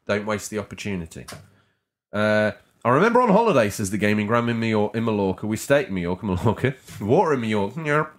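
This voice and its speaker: A man's voice: lowish voice, sing-song, quick pace. A man co-hosting a gaming podcast, teasing his co-host and reading out viewer messages in a playful, casual way.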